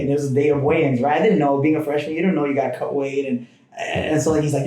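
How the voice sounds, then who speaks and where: A man's voice: mid-range voice, quick pace, a little mellow. A man recounting his past as a podcast guest, talking casually with frequent restarts and side remarks. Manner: rambling, with frequent restarts and asides. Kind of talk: casual personal storytelling. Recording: roomy echoing room.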